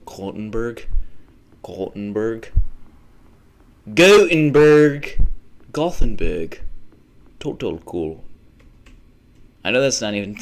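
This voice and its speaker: A man's voice: on the low side, a bit bright. Rambling, jokey young American man. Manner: rambling and jokey, laughs often, slips into silly voices. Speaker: live streamer. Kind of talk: casual live-stream chat.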